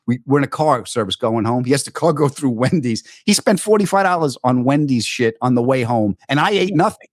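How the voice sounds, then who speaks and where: A man's voice: mid-range voice, a little fast, hardly any pauses, dry recording, clean studio sound. A man telling a comedy story in casual talk, acting out quoted lines in a raised voice. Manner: animated, acts out quotes in raised voice.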